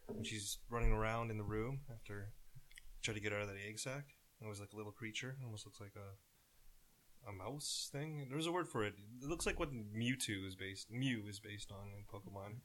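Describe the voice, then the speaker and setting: A man's voice: on the low side, moderate pace, fairly bright tone, slight background noise. A man co-hosting a podcast, chatting casually about a film, asking questions and riffing. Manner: chatty, asks questions and riffs on references. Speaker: podcast co-host. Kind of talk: casual movie chat.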